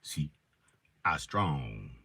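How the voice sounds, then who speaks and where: A man's voice: a bass voice, big pitch swings, very slow, bright, forceful tone, husky, dry recording. A man alone in his car in the woods, rambling through an improvised stand-up monologue in a loose stream-of-consciousness way. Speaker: amateur comedian.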